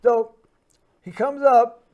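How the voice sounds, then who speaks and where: A man's voice: very high-pitched, fairly even intonation, takes it slowly, a little mellow. A man hosting a show, telling a personal story in a rambling way, full of fillers and restarts. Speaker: host.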